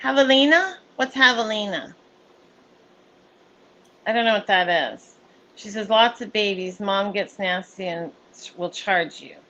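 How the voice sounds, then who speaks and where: Lively, bright woman co-host. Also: medium pitch, measured pace, pauses often, muffled recording. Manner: chatty, laughs often, reads out viewer comments. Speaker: livestream co-host. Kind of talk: casual chat.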